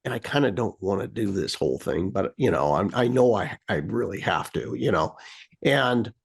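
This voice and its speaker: Gravelly guy from the us telling a story, voice swings all over, does beep noises. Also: low voice, normal speed. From United States. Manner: animated, acts out beeps and his own frustration. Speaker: co-host. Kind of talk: casual storytelling.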